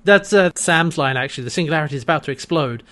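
A man in casual chat recapping a TV episode, animated and acting out characters' lines. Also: fairly high pitch, fast talker. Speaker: podcast co-host.

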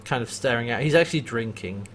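A man's voice: mid-range voice, animated, quick pace, slight background noise. A man co-hosting a casual podcast, animatedly retelling a TV episode, acting out quotes and laughing often. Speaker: podcast co-host recapping a TV episode. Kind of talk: casual chat.

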